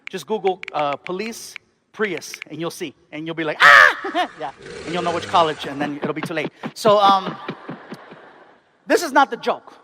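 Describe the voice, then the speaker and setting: A man performing stand-up comedy, telling a story in an animated way with bursts of excited shouting. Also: high voice, noisy background. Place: stage before a live audience.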